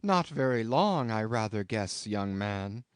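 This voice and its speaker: A man's voice: fairly low pitch, expressive, a little slow, clear, resonant tone, dry recording. A man voicing a stern, pious old ship owner with a hollow voice, speaking in archaic, scolding tones in a storybook reading.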